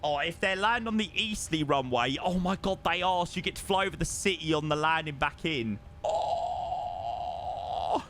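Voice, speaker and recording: A young man chatting casually on a live stream while flying a sim, excitable and self-mocking. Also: on the high side, fairly quick, few pauses, slight background noise.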